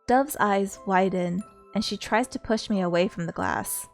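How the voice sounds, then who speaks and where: A woman's voice: medium pitch, normal speed, faint music behind. A woman streamer reading a story game aloud in an earnest way, stopping now and then to talk with her viewers.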